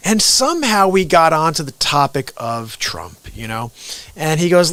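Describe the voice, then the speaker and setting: Casting note: a man with a higher voice, hosting a talk show, lively storyteller, dry close recording. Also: normal speed, no echo. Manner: animated storyteller, acts out the people in his stories. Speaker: host. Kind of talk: casual talk show conversation.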